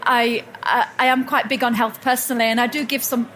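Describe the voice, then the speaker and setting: Speaking fairly quickly in a high voice with little pitch movement, a woman gives a motivational talk to an event hall audience at a personal growth expo. She tells stories warmly and often starts her sentences over or corrects herself, and there's a slight hiss or hum.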